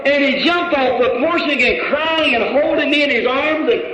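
A man preaching a sermon, retelling a conversation in a folksy way and breaking into shouts, recorded in a church hall. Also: very high voice, moderate pace, very noisy. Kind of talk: sermon storytelling. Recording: echoey, dull old hall recording.

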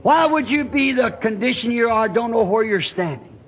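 A man preaching a revival sermon, telling a folksy story in plain rural speech and building to shouting climaxes. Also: extremely high pitch, lively intonation, moderate pace. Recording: dull lo-fi archival tape with faint hiss.

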